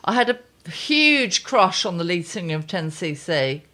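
A woman's voice: on the low side, big pitch swings, measured pace, sharp tone. A woman co-hosting a casual chat, a playful and theatrical storyteller. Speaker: co-host.

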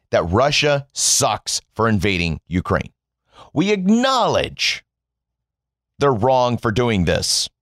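A man delivers a biting political rant, swearing freely and mocking as he goes. His pitch swings widely from low grumbles to high jabs. The recording is dry and close, with no room sound. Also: a bit bright, no echo. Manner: mocking, sarcastic, emphatic swings in tone. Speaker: commentator.

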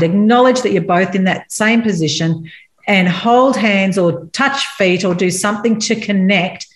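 A woman's voice: mid-range voice, normal speed. Woman giving christian marriage advice, candid, tells her own stories, roomy echo. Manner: earnest, candid storytelling. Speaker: marriage speaker.

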